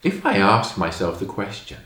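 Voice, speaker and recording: A man with a fairly low pitch tells stories to young kids at a normal speed, and the sound is roomy. It's part of a lesson, and he performs the lines with expressive emphasis.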